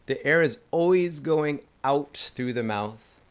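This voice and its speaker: A man's voice: fairly high pitch, takes it slowly, faint music behind. A man teaching a didgeridoo lesson in a casual, enthusiastic way, chatting and laughing at his own slips. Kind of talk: casual instructional talk.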